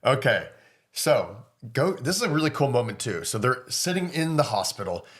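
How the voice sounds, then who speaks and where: A man's voice: medium pitch, very animated, moderate pace. A young man co-hosting a podcast, recapping scenes in casual chat and acting out the characters' lines. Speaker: podcast co-host.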